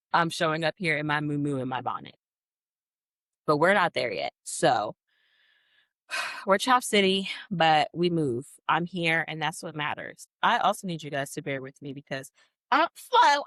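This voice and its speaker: A woman in her twenties with a deep, slightly bright voice hosts a solo podcast on camera in a studio, with no echo. She chats casually into the mic, rambling and poking fun at herself.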